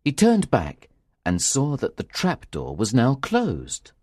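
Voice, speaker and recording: A man narrating a graded reader story in a slow, clear and expressive way. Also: mid-range voice, no room sound. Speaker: audiobook narrator.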